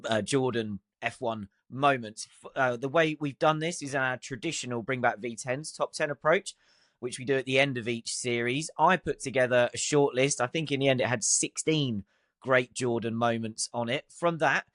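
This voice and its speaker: A man hosts a chat podcast at a middle pitch, lively and quick to laugh. His voice sounds close and dry, with no room around it. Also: dry recording. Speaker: podcast host. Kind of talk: casual chat.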